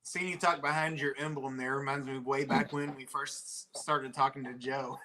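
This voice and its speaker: A man's voice: mid-range voice, flat delivery, normal speed, a crowd in the background. A man in casual chat, reminiscing about old friends and laughing along.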